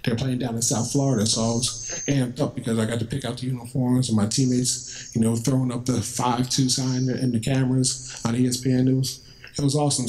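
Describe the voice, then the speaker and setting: A man's voice: mid-range voice, darkish tone, poor audio. A man telling his story to students. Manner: conversational, vivid, acts out remembered dialogue. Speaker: guest speaker at a school. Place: school, indoors.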